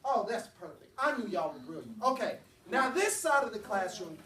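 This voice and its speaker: A man, a children's author, reading aloud to a classroom of young kids, playful and lively, leading call-and-response. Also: sits high, normal speed. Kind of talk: animated classroom read-aloud. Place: classroom, indoors. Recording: echoey classroom heard from far off.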